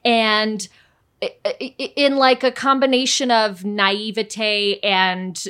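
A woman guest on a podcast, an actress telling stories in a chatty, animated way. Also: mid-range voice, slow, smooth. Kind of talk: casual podcast chat.

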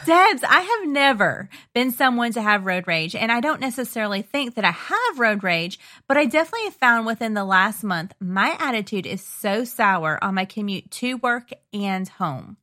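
A woman co-hosting a casual chat, bubbly and quick to laugh. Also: fairly high pitch, big pitch swings, pushed and bright. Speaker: podcast co-host.

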